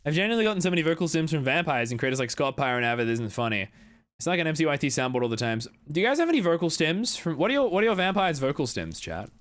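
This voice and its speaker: Lively, joking young male streamer. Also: on the high side, racing. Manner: swears freely, rambling and joking with chat. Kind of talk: casual live-stream chat while gaming.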